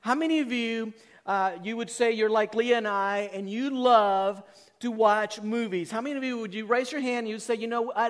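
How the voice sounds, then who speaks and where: A man in his forties, a pastor giving a sermon, who tells stories in a lively way and acts out his own reactions. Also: very high voice, moderate pace.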